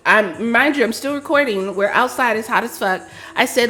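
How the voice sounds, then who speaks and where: A woman's voice: a little high, normal speed, hardly any pauses, fairly bright tone. A woman streamer telling a story in a casual, emphatic and indignant rant with frequent swearing.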